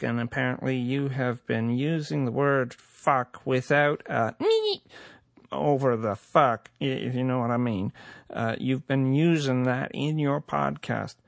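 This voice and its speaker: A man voicing a pompous male government official who serves fines, with a slow, patronizing drawl in a comedy sketch. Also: mid-range voice, vocal fry, no room sound, lightly acted.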